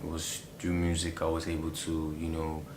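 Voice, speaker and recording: Nigerian man, young, very deep voice, laid-back interview guest, lots of laughter, roomy echo. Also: completely flat delivery, normal speed, noisy background. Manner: easygoing, laughs often, many fillers. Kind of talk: casual interview chat.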